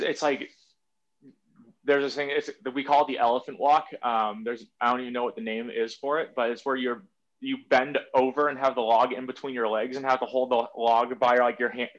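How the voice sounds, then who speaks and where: A man's voice: medium pitch, fairly bright tone. A man telling stories in a loose, rambling way, full of fillers and casual swearing. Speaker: guest. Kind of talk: casual conversation. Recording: slightly muffled audio.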